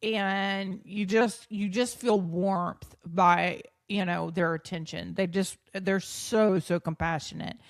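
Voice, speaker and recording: A woman hosting a podcast, telling a personal story in an animated, self-deprecating way, often laughing mid-sentence and acting out past thoughts. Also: medium pitch, slow pace, few pauses, no echo, studio quality. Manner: acts out her own past thoughts and others' speech; frequent restarts and fillers. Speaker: podcast host.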